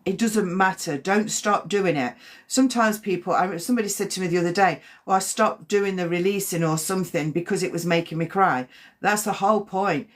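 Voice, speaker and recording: A woman giving a live spirit reading as a medium, talking in a halting, gentle and reassuring way with frequent repeats. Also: lowish voice.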